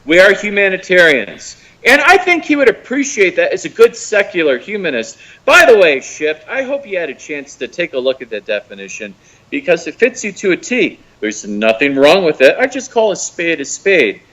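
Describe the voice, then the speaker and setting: Calling in from the United States, this man launches into a profane, mocking rant delivered with lots of animation. His voice sits high, he speaks at a normal speed, and the audio quality is low.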